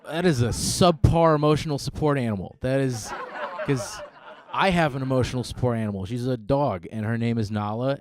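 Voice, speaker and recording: A man doing a stand-up comedy set on stage, laid-back and deadpan with lots of ums. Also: mid-range voice, no echo. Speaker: stand-up comic. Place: comedy stage before live audience.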